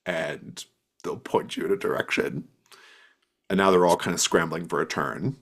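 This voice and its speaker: A man's voice: low-pitched, normal speed, fairly bright tone. A man narrating as game master of a tabletop role-playing game, loosely, with lots of fillers. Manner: loose, rambling with many fillers.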